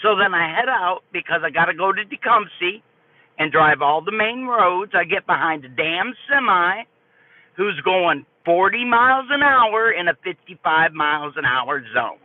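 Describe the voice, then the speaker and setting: Older woman, folksy animated storyteller, lively pitch, thin phone-like sound. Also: moderate pace. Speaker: live streamer. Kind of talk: casual storytelling to a live chat. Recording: tinny phone-like dry audio.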